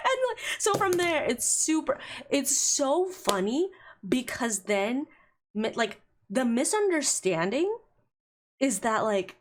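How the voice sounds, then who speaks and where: A woman's voice: high-pitched, sing-song, slow pace, slight background noise. A woman streamer chatting casually while she draws, retelling a plot in a rambling, giggly way. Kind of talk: casual chat while drawing.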